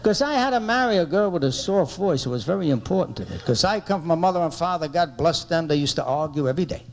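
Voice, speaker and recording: A man doing a stand-up comedy routine with animated, punchy storytelling. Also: on the high side, quick pace.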